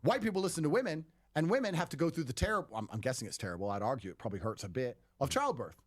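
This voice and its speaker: A man's voice: mid-range voice, expressive, racing. A man speaking as a podcast guest in a blunt, combative way, with a lot of swearing. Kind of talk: podcast talk.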